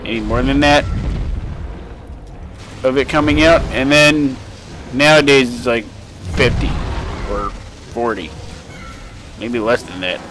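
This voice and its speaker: A young man giving casual, rambling let's play commentary, swearing freely and breaking into sudden shouts. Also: mid-range voice, takes it slowly, pauses often, slight background noise. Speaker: gaming commentator.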